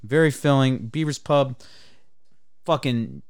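Brief: podcast host, man, animated profane storyteller, dry close sound. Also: medium pitch, slow, clear, resonant tone, dry recording. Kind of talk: casual chat, storytelling.

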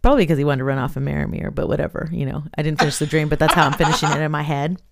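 A woman with a fairly low voice co-hosts a podcast in casual chat. She tells stories in an animated way and breaks into laughter often. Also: rapid-fire, creaky, heavy background noise. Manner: laughs a lot, animated storytelling. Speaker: podcast co-host.

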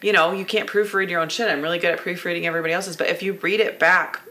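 A woman's voice: lowish voice, fairly even intonation, racing, sharp tone. A woman co-hosting a podcast, chatting casually in a blunt, profane way and talking over the others. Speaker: podcast co-host. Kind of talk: casual chat.

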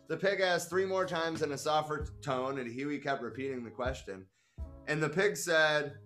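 A man's voice: on the high side, fairly even intonation, moderate pace, pushed and bright, soft background music. A man reading a memoir aloud, breaking off for casual, profane, amused asides. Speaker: reader.

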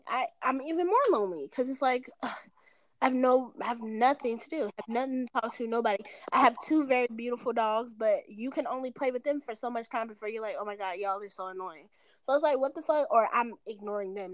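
On a phone call, a twentysomething woman with a higher-pitched voice chats in a loose, rambling way, cursing a lot and peppering her speech with "like." The recording has no echo.

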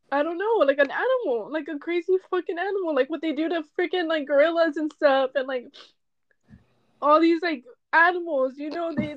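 Young woman podcast host, slightly high voice, rambling and profane storytelling, close and dry on a dull lo-fi mic. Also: no echo. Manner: rambling, frequent "like", swears, heated frustration. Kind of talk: personal storytelling monologue. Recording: dull lo-fi recording.

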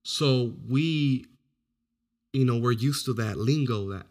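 A man from Orange County, California chatting casually as a podcast host, telling animated stories and swearing freely. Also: mid-range voice, takes it slowly. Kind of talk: casual chat.

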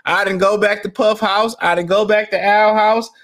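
This man's voice sits high, and he speaks at a moderate pace. Hosting his podcast, he delivers loose commentary as an animated rant, full of profanity and frequent laughter.

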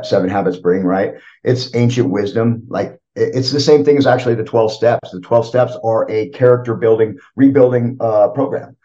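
A man's voice: on the low side, mellow. A middle-aged man talking casually as a podcast guest, rambling with lots of fillers and frequent "right?" checks. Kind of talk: casual reflective talk. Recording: dull lo-fi audio.

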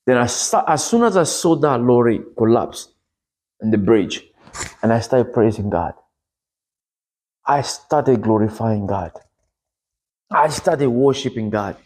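In a darkish, animated voice, a man from the Democratic Republic of Congo preaches and recounts his testimony at a measured pace with long pauses. His storytelling is earnest, and his pitch lifts at dramatic moments.

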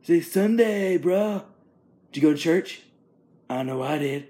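A man voicing a laid-back hippie store cashier who talks in slang, loud and upbeat. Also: on the high side, lively intonation, measured pace, pitched above the performer's own voice.

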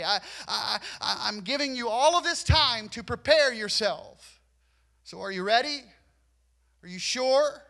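A man's voice: very high voice, measured pace, gravelly, pushed and bright. A man preaching a sermon to his congregation in a church. He urges them on, repeats himself and stammers over restarts. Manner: repetitive, urging, stammers on restarts.

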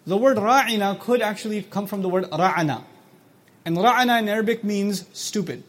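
A Quran teacher with a high, slightly bright voice lectures on scripture, explaining words and quickly reciting short Arabic passages between his English explanations. He poses questions to his listeners and acts out quoted speech.

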